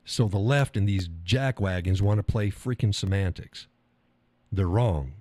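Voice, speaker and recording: A man's voice: low voice, unhurried, mellow, no room sound. A man from the United States, host of a live stream, ranting bluntly and profanely in a casual opinion monologue.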